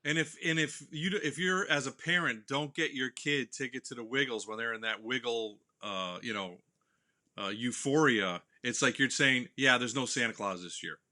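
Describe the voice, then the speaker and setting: A male podcast host with a very bright, sharp voice. He throws jokey riffs back at his guest in loose, casual conversation. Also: mid-range voice, normal speed. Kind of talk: casual interview chat.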